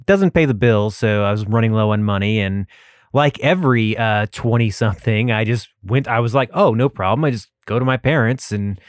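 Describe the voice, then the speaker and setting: A man's voice: on the low side, normal speed, dry recording, studio quality. A man in his thirties from Texas, hosting his own podcast, rambling in a self-mocking way and laughing often. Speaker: podcast host. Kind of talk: casual monologue.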